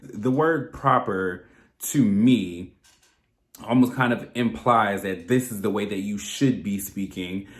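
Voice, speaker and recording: A man hosting his own commentary channel, talking bluntly and with plenty of swearing. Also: fairly low pitch. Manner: blunt, animated, profane. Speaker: reaction channel host. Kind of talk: casual commentary. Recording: roomy echo.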